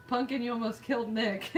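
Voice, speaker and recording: A woman's voice: fairly high pitch, slight background noise, rough recording. A woman co-hosting a live stream, chatting casually while gaming and reading chat aloud, laughing often. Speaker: streamer co-host.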